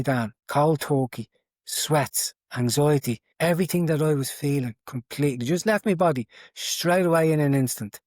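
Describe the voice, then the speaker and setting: A man's voice: medium pitch, normal speed, a little mellow, dry recording, studio quality. A man sharing his conversion story in an interview, earnest and repetitive, in a casual telling way. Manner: earnest storytelling with many repeats. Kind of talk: casual testimony.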